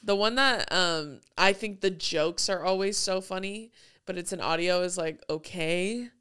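A woman's voice: lowish voice, measured pace, a bit bright, clean tone. A young woman in casual chat, talking loosely with lots of "like" and frequent laughter. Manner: chatty, heavy use of "like", laughs often.

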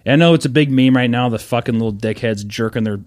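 A man's voice: medium pitch, fast, a little mellow, no room sound, studio quality. A man co-hosting a podcast in casual chat, swearing a lot and acting out quotes in silly voices. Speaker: podcast co-host.

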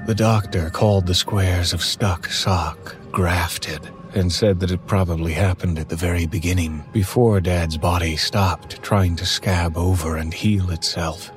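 A man narrating a horror story in a measured, somber way from a script. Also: sits low, fairly even intonation, soft background music.

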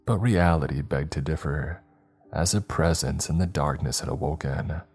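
A man narrating a scary story in a measured, somber telling. His voice is extremely deep and husky, with a low, breathy grain. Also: darkish tone, soft background music. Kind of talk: scripted horror narration.

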